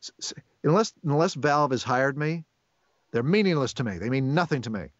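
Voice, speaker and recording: A man's voice: medium pitch, expressive, fairly quick, no room sound. A man being interviewed as a voice actor, chatting casually and rambling with frequent restarts. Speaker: voice actor guest. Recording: dull, dry lo-fi recording.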